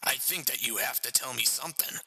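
A man voicing a hoarse, mocking male killer who confesses to a priest, in a reverberant room. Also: medium pitch, fairly quick, bright, forceful tone. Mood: taunting. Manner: taunting, mocking.

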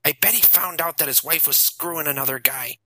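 A cruel teenage bully with a coarse, taunting tongue, voiced a little higher than a grown man's natural pitch, as a male audiobook narrator puts him on. The tone is very bright and cutting, and the recording is dry and close. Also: a little fast, no room sound, heavily acted, rough recording. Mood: gloating. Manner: swearing, taunting, dismissive. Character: cruel teenage boy bully, crude and menacing.

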